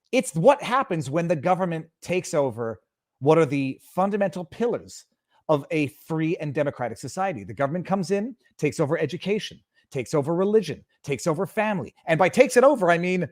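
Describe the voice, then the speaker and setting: A man hosting a political livestream, heated and sarcastic, building to outraged emphasis and then reading viewer chats. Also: on the high side. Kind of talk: impassioned political rant on a livestream.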